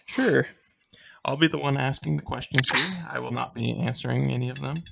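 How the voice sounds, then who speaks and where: A man's voice: medium pitch, moderate pace, gravelly, a bit bright, slight background noise. A young man co-hosting a casual podcast, rambling with fillers. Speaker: podcast co-host.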